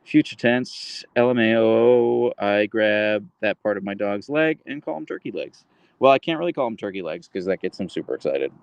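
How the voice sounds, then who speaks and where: A man chatting on a livestream, swinging from low murmurs into high, sing-song baby talk aimed at his dog. His voice has a gravelly fry, recorded close and dry on a handheld phone. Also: animated, normal speed, no echo. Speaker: livestream host. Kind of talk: casual livestream chat with pet. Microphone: handheld phone camera.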